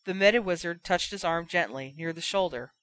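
Woman with an even storytelling voice. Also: on the low side, brisk. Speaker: audiobook reader. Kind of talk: scripted narration of fan fiction.

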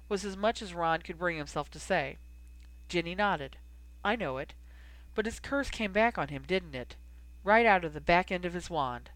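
A woman reading a fan fiction story aloud, giving the characters lively dialogue. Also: fairly low pitch, no echo. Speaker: audiobook reader. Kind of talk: fan fiction audiobook narration.

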